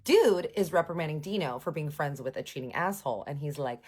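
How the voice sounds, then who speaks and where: Low-voiced sarcastic woman telling a story. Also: fairly quick, husky. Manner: sarcastic, animated, swears freely. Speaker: vlogger. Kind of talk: casual storytime.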